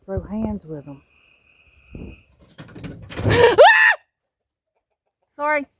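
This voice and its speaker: With a Southern US accent, a woman gives a joking, casual tour of her backyard garden, where chickens roam, filming on a handheld phone. Her medium-pitched voice moves at a moderate pace with a little hiss or hum, and she swings between muttering and loud exclamations in this chatty, animated vlog.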